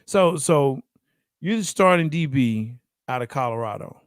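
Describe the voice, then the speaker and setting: A man hosting a casual sports debate show, animated, laughing often and acting out quotes. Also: medium pitch, unhurried, dry recording, studio quality.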